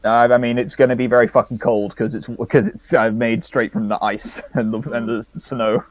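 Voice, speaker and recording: A man's voice: mid-range voice, little pitch movement, brisk. A man playing a tabletop game, chatting casually and joking with the table. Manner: jokey, laughs often. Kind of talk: casual tabletop play chat.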